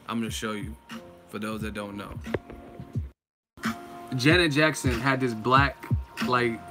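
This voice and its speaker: A man hosting a live-stream boxing chat, talking casually and excitedly, laughing often and swearing freely. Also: medium pitch. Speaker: boxing channel host.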